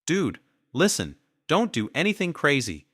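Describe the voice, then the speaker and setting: A man's voice: lowish voice, very animated, a little slow, pushed and bright, no room sound, clean studio sound, heavily acted. A man doing a scared, bargaining adulterer. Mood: nervous. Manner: nervous bargaining.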